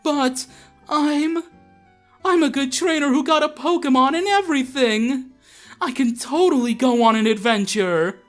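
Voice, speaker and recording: A man's voice: very high-pitched, measured pace, faint music behind, pitched above the performer's own voice. A man voicing an eager young woman trainer who pleads in a bubbly way, reading game dialogue aloud. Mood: pleading.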